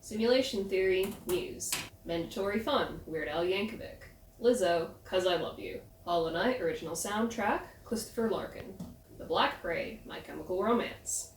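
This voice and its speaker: A woman announcing a list of titles in a flat, deliberate way. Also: on the low side, a little hiss or hum. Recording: echoey and distant from mic.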